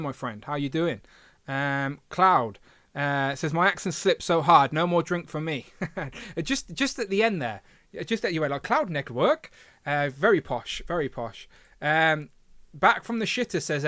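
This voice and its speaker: A chatty man hosts a casual livestream, his voice a touch higher than most. He sounds close to the mic in a dry, dead room, reading comments aloud and humming between thoughts. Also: pushed and bright, dry recording. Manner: chatty, reads chat aloud, filler hums. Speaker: livestream host.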